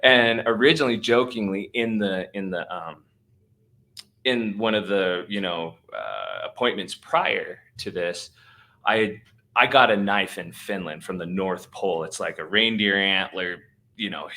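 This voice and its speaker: Telling a long story on his podcast, this host uses lots of fillers and a slangy, laid-back style. His low voice sounds pushed and bright, with lively intonation and a measured pace.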